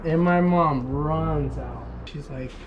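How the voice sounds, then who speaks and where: A man's voice: on the high side, slow pace, lo-fi sound. A man from Oregon casually telling a long story, rambling and full of "like" fillers. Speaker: local farm resident telling a story. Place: outdoors on a farm. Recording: noisy outdoor recording.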